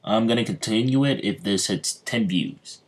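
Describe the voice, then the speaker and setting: A man's voice: lowish voice, moderate pace, breathy edge. A young man casually retelling a story, hesitant, with many ums and restarts. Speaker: fan video creator.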